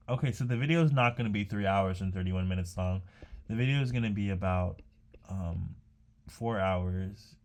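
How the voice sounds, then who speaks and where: A man's voice: lowish voice, steady tone, normal speed, darkish tone. A young man rambling casually to himself while painting, chatty and meandering with many fillers and restarts. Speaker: art vlogger.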